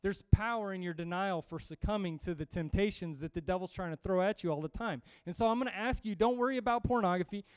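A man preaching a sermon to a congregation, energetic and emphatic, reading scripture and often repeating himself. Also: high-pitched, fast talker, hardly any pauses, clear, resonant tone, dry recording. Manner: energetic, emphatic, with restarts and humor.

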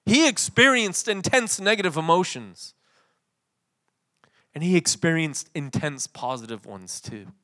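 A man preaching a sermon, swinging from loud emphatic passages to soft, quiet readings. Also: high-pitched. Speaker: pastor.

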